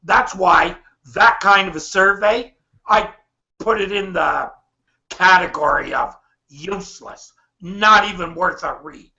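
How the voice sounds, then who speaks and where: Blunt sarcastic guy, bright sharp tone, talks slow. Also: high-pitched. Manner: blunt, sardonic, crude asides. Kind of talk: casual group chat over a call. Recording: dull call audio.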